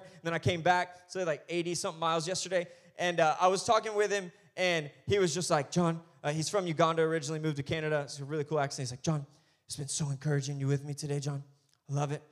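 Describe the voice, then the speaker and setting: A man preaching a sermon as pastor, swinging between quiet asides and loud, emphatic lines. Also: a little high.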